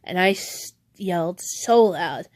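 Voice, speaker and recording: Slow-talking frustrated woman ranting. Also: on the low side, lively intonation, a little mellow, dry recording. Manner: rambling, frustrated, with frequent restarts and laughs. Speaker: vlogger. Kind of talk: venting rant vlog. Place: home.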